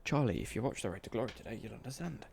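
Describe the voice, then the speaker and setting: Live-streaming a football game, a man cheekily banters with his viewers, reading their chat messages aloud and joking back. His fairly low voice is gravelly and a little mellow, animated and delivered rapid-fire.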